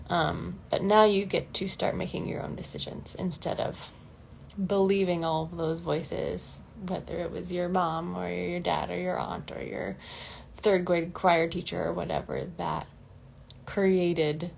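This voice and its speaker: A woman's voice: on the low side, creaky, slight background noise. A woman vocal coach talking casually and candidly in a livestream lesson, laughing often and acting out the voices in her head.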